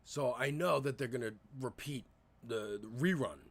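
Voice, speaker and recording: A man's voice: medium pitch, normal speed. A man in his thirties telling stories on a casual livestream, rambling and profane, with lots of fillers and restarts. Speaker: live streamer.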